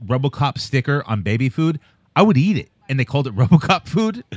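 A drunk man co-hosting a comedy podcast, laughing and swearing loudly. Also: medium pitch, very animated, fairly quick, no echo. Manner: loud, laughing, profane. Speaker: podcast co-host. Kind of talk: crude comedic reaction chat.

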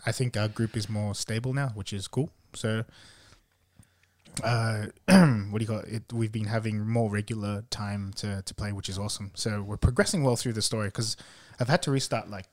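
A man chatting casually with his brother in an easygoing, relaxed way. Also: lowish voice, normal speed. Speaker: guest, host's brother. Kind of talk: casual chat.

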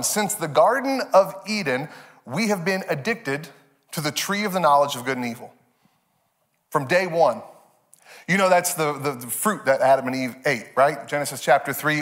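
A man in his thirties preaching a sermon as pastor, telling stories with animated, expressive delivery. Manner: animated storytelling, jumps high for quoted voices.

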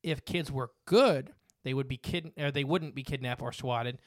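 A man's voice: mid-range voice, normal speed, no room sound, studio quality. A man hosting a casual podcast, reading from notes with fillers and asides. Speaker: podcast host.

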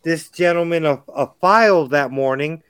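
A man co-hosts a comedy podcast, bouncing jokes off his friends. His voice sits a bit high and sounds excited. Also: moderate pace, smooth, no echo. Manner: excitable, jokey. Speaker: podcast co-host. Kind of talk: casual comedic banter.

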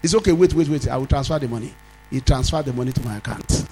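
A Nigerian man, a pastor, preaching a sermon as a story, swinging from loud exclamations to low asides. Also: fast, slight background noise, poor audio.

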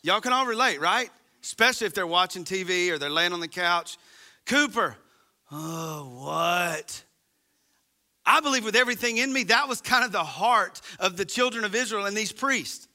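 A man's voice: high-pitched, lively intonation, brisk, sharp tone. A man preaching a sermon as pastor, talking conversationally and straight to his congregation.

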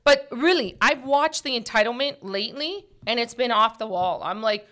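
A woman's voice: fairly high pitch, normal speed, fairly bright tone. A woman hosting a casual opinion talk show, speaking emphatically and preachily with many fillers like "like" and "you know".

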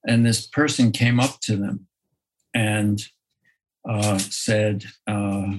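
A man, a photographer, talking in a slow, thoughtful way in an interview, often restarting his sentences and laughing softly. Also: lowish voice, fairly even intonation, slight background noise, low-quality recording. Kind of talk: reflective conversational interview.

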